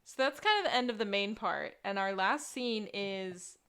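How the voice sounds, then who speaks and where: A woman's voice: mid-range voice, clear, resonant tone. A woman co-hosting a podcast, chatting casually and giggling as she recaps a TV episode. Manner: giggly, animated, quick reactions. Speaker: podcast co-host.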